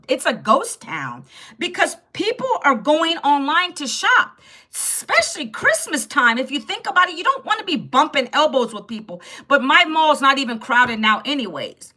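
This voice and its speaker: A woman in her fifties chats on a live stream in a high, bright, sharp voice. She talks straight to her viewers and reacts to their comments, often laughing as she goes. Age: 50s. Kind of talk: casual live-stream chat.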